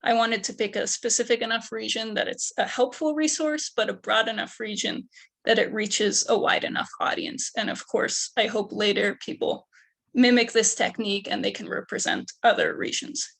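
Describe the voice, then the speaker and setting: Young female student researcher, gravelly fry, methodical presenter. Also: a little high, fairly even intonation, moderate pace, fairly bright tone. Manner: methodical, explaining steps one by one. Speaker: undergraduate researcher.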